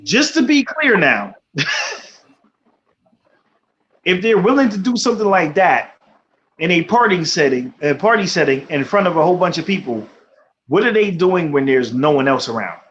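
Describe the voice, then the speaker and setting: A man's voice: sits high, big pitch swings, normal speed, pauses often, fairly bright tone. A man hosting a casual radio talk show, speaking bluntly with plenty of swearing and frequent checks of "you know what I'm saying". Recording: slightly muffled, faint background noise.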